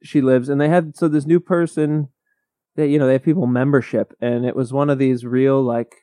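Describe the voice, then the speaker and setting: A man's voice: mid-range voice, fairly even intonation, normal speed, dark tone, no echo. A man co-hosting a podcast in casual chat, telling rambling stories that interrupt themselves. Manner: rambling, self-interrupting storyteller. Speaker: podcast co-host.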